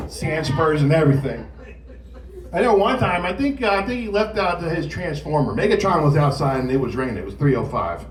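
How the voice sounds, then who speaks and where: A man in his forties doing a stand-up set at an open mic, telling stories and acting out shouting drill instructors, with the audience laughing. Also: on the high side, very animated, fairly quick, recorded from a distance, slight background noise. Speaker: stand-up comedian. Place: comedy club stage. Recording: roomy club sound from off mic with loud crowd laughter.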